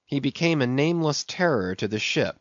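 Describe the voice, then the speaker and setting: A man narrating an audiobook in a measured, steady reading voice. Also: mid-range voice, no room sound. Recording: dull, dry recording.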